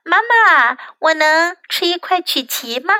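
A woman voicing an eager little boy in a read-aloud storybook, bright childlike tone pitched up, asking for a treat, dry close sound, slow and careful. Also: lively intonation, no echo, exaggerated voice. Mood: pleading. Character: young boy Effie, eager and scheming.

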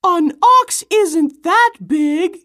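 A worried mother frog from a children's storybook, her voice pitched very high and her words stretched slow and long, as a woman acts her out. She fusses over her little ones with anxious questions. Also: animated, fairly bright tone, full character voice. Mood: doubtful. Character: anxious mother frog, fussing, grief-stricken. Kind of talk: storybook acting.

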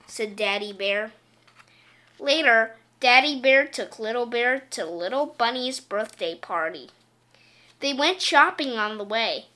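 Slow, bright-voiced woman reading a storybook. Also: a little high. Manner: slow, clear, gentle. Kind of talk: reading a children's picture book aloud.

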